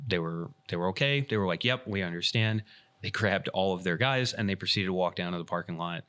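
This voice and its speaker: Speaking brisk, clear and resonant, a male podcast host who also staffs an airsoft field gives a lively retelling, performing the quoted dialogue himself. The pitch sits low but the tone stays bright and forward, like casual talk among friends.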